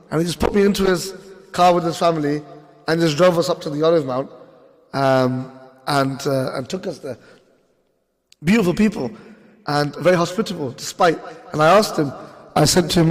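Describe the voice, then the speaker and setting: A man's voice: a little high, brisk, long pauses. A man giving a conversational, story-driven sermon in a mosque, mixing in Urdu and Arabic phrases. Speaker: speaker giving a talk at a mosque. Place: mosque hall. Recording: echoey mosque hall.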